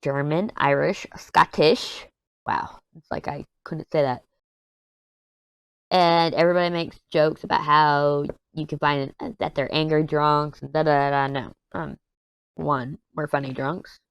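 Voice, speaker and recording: A woman's voice: sits low, flat delivery, measured pace, gravelly, smooth, no echo. A middle-aged woman vlogger chatting casually and bluntly over a headset mic while she crafts, telling candid stories with lots of asides. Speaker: diamond painting vlogger.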